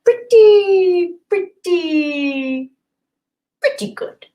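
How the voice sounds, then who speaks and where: A woman's voice: very high-pitched, lively intonation, extremely slow, dark tone, pitched above the performer's own voice, full character voice. A woman doing an impression of a dry, drawling male comedian.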